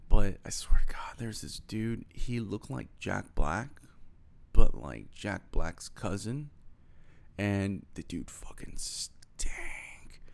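A young man from Houston tells a loose, profane story in a casual monologue and acts out the voices of everyone in it. His voice sits a little low and has a gravelly, fry-laden texture. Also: takes it slowly. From Houston, Texas. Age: young adult. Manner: rambling, profane, animated retelling with quoted dialogue.

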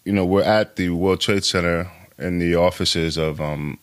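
Co-host man, very low voice, hesitant and halting delivery. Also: steady tone. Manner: halting, hesitant, many ums. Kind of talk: casual podcast chat.

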